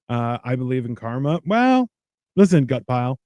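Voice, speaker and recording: A man co-hosting a casual podcast, telling stories with acted-out voices and deadpan, crude humor. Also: medium pitch, normal speed, no room sound. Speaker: podcast co-host. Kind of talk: casual chat.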